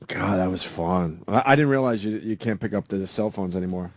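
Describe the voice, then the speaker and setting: A man's voice: low-pitched, a little fast, no echo. Interjecting male radio host. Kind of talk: casual radio banter.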